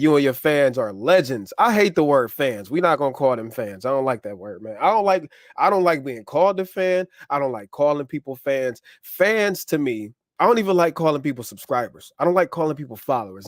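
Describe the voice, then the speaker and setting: A man's voice: medium pitch, no room sound, clean studio sound. A man hosting a casual live stream, chatting loosely with viewers and reading out their comments, on a clip-on wireless mic.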